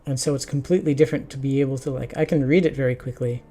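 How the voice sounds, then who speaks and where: A man streaming his Japanese study, sounding out practice sentences slowly with many restarts and chatting casually between them. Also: mid-range voice, fairly even intonation, dark tone.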